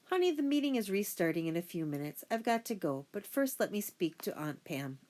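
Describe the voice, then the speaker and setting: A woman reading an audiobook and voicing a loving, busy father who speaks in hurried reassurance. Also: mid-range voice, big pitch swings, a little mellow, natural voice. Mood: affectionate.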